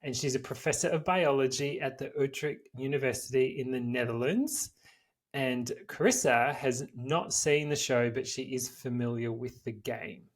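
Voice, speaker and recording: A man with a husky, slightly breathy voice co-hosts a casual podcast. He talks in a relaxed, easygoing way and reads his research notes aloud at an even pitch. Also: normal speed. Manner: laid-back, reads out research with frequent laughs. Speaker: podcast co-host. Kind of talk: casual podcast chat, reading interview notes.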